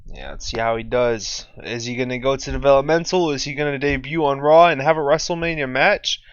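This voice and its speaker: A man's voice: mid-range voice, brisk, smooth, dry recording, muffled recording. A man co-hosting a casual podcast chat, joking and laughing often. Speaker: co-host.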